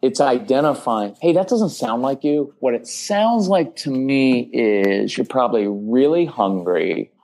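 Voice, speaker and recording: Animated man giving parenting advice. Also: mid-range voice, a little slow, few pauses. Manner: animated, acts out parent phrases. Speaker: parenting expert guest. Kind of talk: casual podcast conversation.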